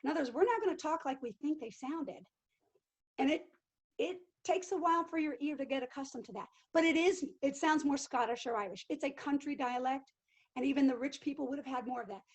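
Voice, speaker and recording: A middle-aged woman, a living history actress, answering interview questions in an animated way and acting out quotes. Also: high-pitched, brisk. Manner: animated, acts out quotes and accents.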